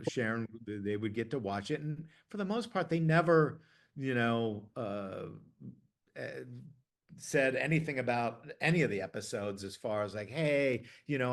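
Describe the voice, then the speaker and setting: A middle-aged man from Ohio, a TV producer, telling stories in a casual, chatty way, full of fillers and restarts, getting lively when he quotes others. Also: mid-range voice. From Ohio, USA. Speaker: TV producer interviewee. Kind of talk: casual anecdotal storytelling.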